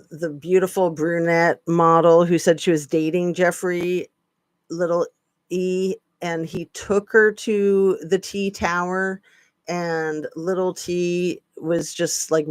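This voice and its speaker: Slow, chatty woman streamer. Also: lowish voice, clean tone, dry recording. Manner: slow, chatty, sarcastic asides. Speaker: channel host. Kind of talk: casual live-stream chat.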